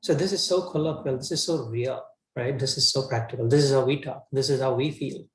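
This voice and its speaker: Male teacher, mid pitch, chatty lecture style with restarts, echoey room. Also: a little fast. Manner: casual, colloquial, frequent restarts. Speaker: scripture teacher. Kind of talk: conversational scripture lecture. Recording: roomy echo.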